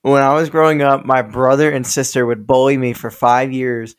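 A young man telling stories on a podcast, rambling and profane, stopping to laugh at himself. His voice sits at an ordinary middle pitch for a man. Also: level tone, normal speed, clean tone. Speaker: podcast co-host. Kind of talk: casual storytelling chat.

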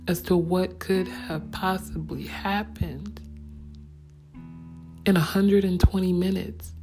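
Woman, storyteller vlogger; gravelly, flat-toned low voice, unhurried, subdued and reflective, over soft guitar music. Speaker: vlogger telling her family story. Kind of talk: personal storytelling. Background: soft acoustic guitar music.

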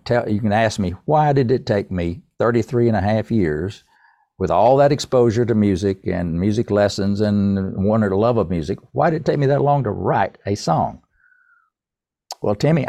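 An older man, a podcast guest, telling a personal story in a folksy, unhurried way and addressing the host by name. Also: on the low side, mellow, no echo. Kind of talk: casual storytelling.

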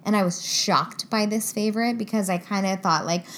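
A woman's voice: medium pitch, moderate pace, fairly bright tone. Chatty, giggly young woman. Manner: chatty, giggly, trails off mid-sentence. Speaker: podcast co-host. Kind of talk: casual chat.

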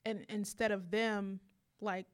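A woman's voice: mid-range voice, flat delivery, slow. A middle-aged woman in a casual, reflective conversation, thinking aloud and often saying "like". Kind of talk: casual chat.

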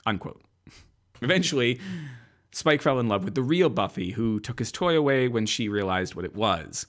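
A man's voice: medium pitch, sing-song, moderate pace. A man co-hosting a casual podcast, rambling with lots of fillers. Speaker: podcast co-host. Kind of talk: casual chat.

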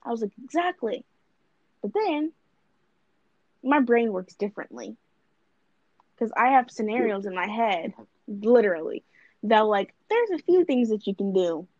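A woman's voice: medium pitch, sing-song, normal speed, long pauses, darkish tone, dry recording, muffled recording. A young woman co-hosting a podcast, talking bluntly and rambling with lots of fillers and swearing. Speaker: podcast co-host. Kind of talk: casual chat.

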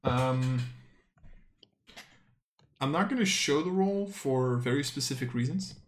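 A man's voice: medium pitch, expressive, slow pace. A man narrating as game master of a tabletop game, rambling and hesitant, with many fillers and self-corrections.

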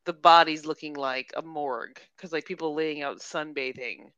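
Low smooth-voiced woman, chatty. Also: moderate pace, fairly bright tone, no room sound. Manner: chatty, enthusiastic, laughs often. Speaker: book podcast co-host. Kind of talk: casual chat.

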